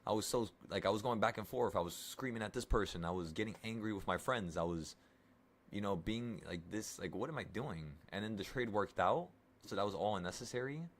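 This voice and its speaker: Talking live to his viewers, a twenty-something options trading streamer explains a trade in a loose, rambling style, coaching and reassuring them as he goes. He has a brisk delivery and a lowish voice.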